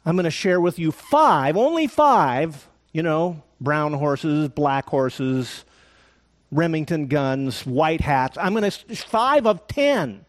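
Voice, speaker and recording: A male pastor preaching a sermon, telling an animated story with joking asides. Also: a little high.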